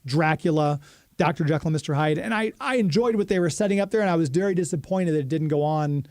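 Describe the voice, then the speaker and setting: A man's voice: a little high, quick pace, darkish tone, dry recording, clean studio sound. A man hosting a radio show, chatting casually and reading a sponsor spot with plenty of fillers.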